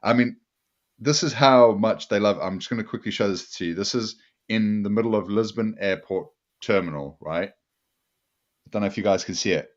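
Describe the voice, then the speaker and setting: A man co-hosting a casual podcast chat, animated and laughing, often jumping into put-on voices. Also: lowish voice, moderate pace, highs cut off. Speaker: podcast co-host.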